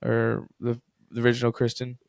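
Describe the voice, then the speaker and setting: A man's voice: medium pitch, monotone, brisk, gravelly, clean tone, no room sound, studio quality. A man co-hosting a horror podcast, chatting casually, often restarting and rambling. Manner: hesitant, rambling. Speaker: podcast co-host. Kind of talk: casual chat.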